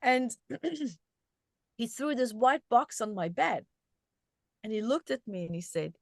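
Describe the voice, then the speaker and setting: A middle-aged woman from South Africa with a fairly high voice speaks as an interview guest. She tells a personal story in an animated, conversational way and often restarts her sentences. The sound is close and dry, with no room echo. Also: takes it slowly, creaky, long pauses. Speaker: guest, self-help author.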